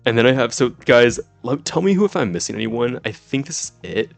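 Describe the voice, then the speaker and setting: A man's voice: medium pitch, very animated, brisk, gravelly, no echo, faint music behind. A young man in his twenties chatting casually on a live stream, giddy and laughing often, swearing freely. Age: 20s.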